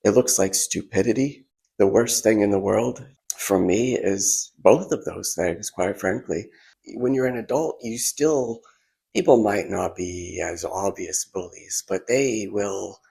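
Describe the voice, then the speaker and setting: A man with a very low, gravelly voice talks through a casual monologue. His tone is husky and a little rough. He stops and restarts his sentences often, and there's an emotional edge to it. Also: unhurried, dark tone. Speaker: vlogger. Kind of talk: casual monologue while drawing.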